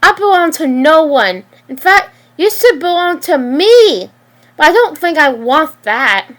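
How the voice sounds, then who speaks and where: A woman reading a story aloud and voicing a cocky young male virus, cold and defiant, with a flat, matter-of-fact delivery and small stumbles. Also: high-pitched, unhurried, pitched above the performer's own voice, full character voice. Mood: scornful.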